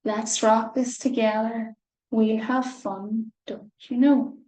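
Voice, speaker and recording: A woman's voice: on the high side, little pitch movement, takes it slowly, mellow, roomy sound, rough recording. A woman voicing a small, friendly mouse in a storybook, cheerful and reassuring.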